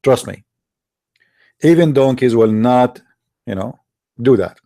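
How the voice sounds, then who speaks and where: Here the stream host has a medium-pitched, mellow voice, expressive yet slow. He debates callers over a computer mic, ridiculing his opponents in a mocking polemic driven by sarcastic, goading rhetorical questions.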